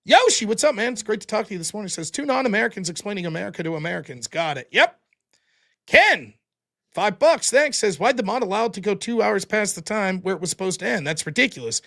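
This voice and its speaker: A man hosting a casual live stream, his voice sitting high and swinging up and down in lively bursts. The tone is bright and edgy as he rattles through viewer donations. He answers them in an offhand, blunt way and swears now and then. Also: gravelly. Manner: quick, offhand thanks and blunt replies with swearing. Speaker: livestream host.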